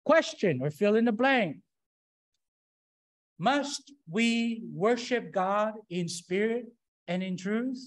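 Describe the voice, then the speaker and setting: A preacher delivers a measured, unhurried sermon to a congregation. The delivery is emphatic and regularly pauses for call-and-response. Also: medium pitch, animated.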